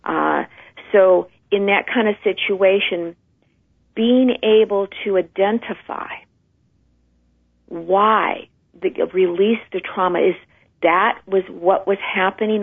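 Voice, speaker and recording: Heard through a tinny phone connection, a woman with a medium-pitched, slow voice and vocal fry talks as a guest about intergenerational trauma. She explains it conversationally, earnestly and emphatically, voicing inner thoughts aloud.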